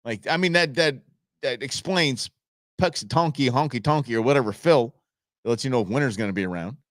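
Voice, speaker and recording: A middle-aged man from Southern California, hosting a show and telling stories in a casual, animated, exclamatory way. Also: mid-range voice, a little fast, no echo, studio quality. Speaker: show host. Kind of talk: casual storytelling chat.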